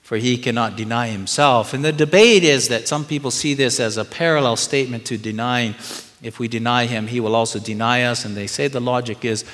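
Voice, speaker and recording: A middle-aged pastor preaches a sermon in a medium-pitched, brisk, slightly bright voice, his sound carrying the feel of a big room. He's earnest and conversational, putting questions to the congregation as he goes.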